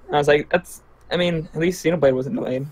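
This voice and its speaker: A man on a podcast panel, chatting casually and quickly about his predictions. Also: fairly high pitch, husky.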